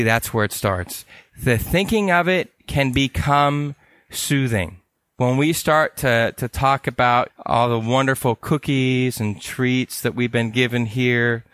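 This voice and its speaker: A middle-aged counselor from California giving a conference talk in a conversational way. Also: male voice, medium pitch, a bit bright, no echo. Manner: conversational, acts out dialogue with quick voice changes. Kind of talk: conference presentation.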